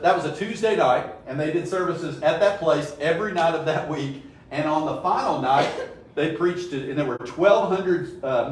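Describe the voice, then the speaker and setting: A man with a slightly higher voice teaches a Bible study in a loose, storytelling way, often asking his listeners "right?" He sounds heavily echoed and some distance from the microphone, as in a bare church room, with a faint hum of room noise behind him. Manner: storytelling, frequent "right?" check-ins.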